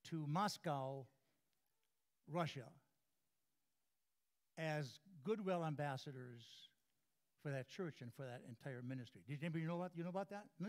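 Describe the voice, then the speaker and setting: Folksy preacher man, slightly high voice. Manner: folksy storyteller, repeats and restarts words, chuckles at own jokes. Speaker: guest preacher. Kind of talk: sermon with a humorous story. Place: church before a congregation.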